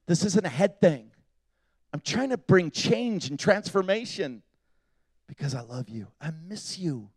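A man voicing God as a male figure, speaking in a hushed, slow, pleading way within a sermon. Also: high-pitched, lively intonation, no room sound, studio quality. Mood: tender. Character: God, a male voice, tender and solemn.

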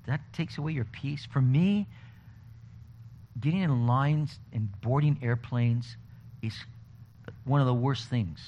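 A man preaching a conversational sermon, telling stories in an animated way. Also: medium pitch. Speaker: pastor. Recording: dull lo-fi recording with faint noise.

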